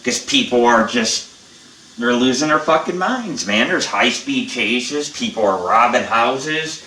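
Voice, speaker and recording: A man's voice: mid-range voice, lively intonation, a little slow, bright, forceful tone, distant mic. Blunt rambling older man, echoey room. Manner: blunt, rambling, profane and chatty. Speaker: channel host. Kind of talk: casual how-to vlog chat.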